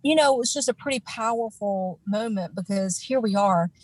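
A woman's voice: medium pitch, normal speed, poor audio. A woman in her forties, a guest in an interview, telling an emotional personal story in an earnest way, with many fillers and restarts.

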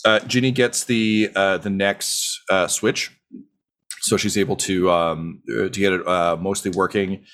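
A man with a lowish voice narrates a tabletop role-playing game as game master. He rambles casually, fills pauses with ums and uhs, and chuckles as he goes. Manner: relaxed and rambling, many fillers, laughs easily.

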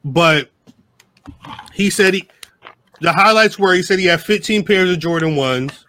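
A man's voice: sits high, measured pace, pushed and bright. A man co-hosting a live podcast, rambling in casual chat with lots of profanity and restarts. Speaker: podcast co-host.

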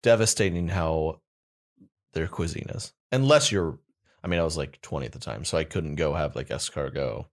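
A young man co-hosting a podcast, chatting casually and telling funny stories, often breaking into high squeaky voices when he quotes people. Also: normal speed. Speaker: podcast co-host. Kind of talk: casual comedic chat.

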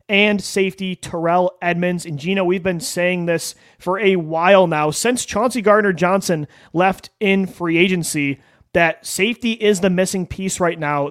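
A man co-hosting a sports podcast, reading an ad and then giving upbeat, quick analysis. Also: high-pitched, no room sound. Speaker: podcast co-host. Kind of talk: sports podcast chat and ad read.

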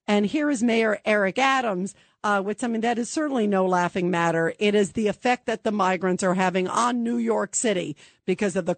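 A woman hosting a radio talk show, sarcastic and animated, mocking and doing impressions as she talks. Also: mid-range voice, dry recording.

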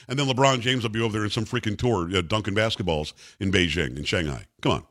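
A man's voice: fairly low pitch, fast. A man hosting a talk radio show, delivering an emphatic, opinionated monologue and mimicking other people's voices. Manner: emphatic, animated, mocking voices.

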